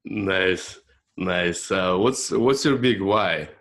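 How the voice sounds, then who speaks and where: A man hosting a podcast interview who asks questions in a hesitant way with many pauses and fillers. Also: sits low, fairly bright tone. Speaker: podcast host.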